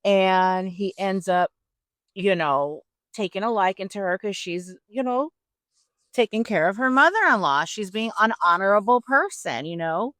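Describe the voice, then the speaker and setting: A woman's voice: medium pitch, animated, a little slow, a bit bright, no echo. A woman podcast host retelling a story casually, with a faith angle and chatty, slangy asides.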